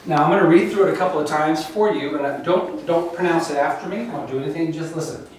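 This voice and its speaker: Captured from the back of a very echoey classroom with faint noise and a distant mic, a man with a slightly high voice leads a Bible Hebrew class. He drills letters slowly and carefully, patiently repeating "okay?" to make sure students follow.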